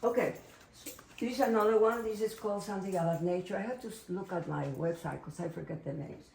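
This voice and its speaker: A middle-aged woman artist from Mexico with a Mexican Spanish accent, a native Spanish speaker giving a casual, rambling, excitable tour of her home studio and slipping into Spanish. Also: medium pitch, quick pace, gravelly, recorded from a distance, a little hiss or hum. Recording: echoey room, voice from off-mic, faint ambience.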